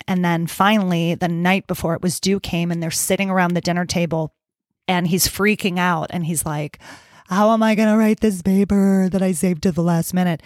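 A woman's voice: fairly low pitch, no echo, clean studio sound. A woman coach talking casually and playfully, acting out her inner thoughts in little voices as she explains a practice to listeners. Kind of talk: casual podcast talk.

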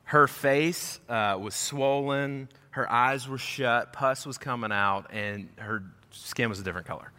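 Bright-voiced pastor storytelling in a hall. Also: male voice, mid-range voice, unhurried, few pauses. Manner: animated storyteller acting out quoted voices. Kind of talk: storytelling sermon. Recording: echoey hall.

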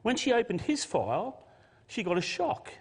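A man's voice: high voice, big pitch swings, normal speed, husky. A man preaching an earnest, emotional Christmas sermon and reading a story aloud. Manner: earnest, emotional, with restarts and shifting emphasis. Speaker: pastor. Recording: long hall reverb.

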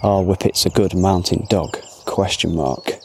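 Outdoors on an allotment, a podcast host rambles casually and makes self-deprecating remarks as he walks. He has a deep, darkish voice and talks a little slowly, with a faint hiss or hum in the audio.

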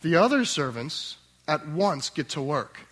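A man preaching a sermon, swinging between loud emphatic passages and quiet tender asides. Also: fairly high pitch, very animated, measured pace. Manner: acts out the master's voice in quotes. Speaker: pastor.

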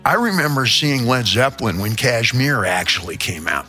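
With soft background music, an older man from the Midwest hosts a show and rants comically, a theatrical storyteller prone to rambling and sudden digressions. His medium-pitched voice is animated and sharp, delivered at normal speed.

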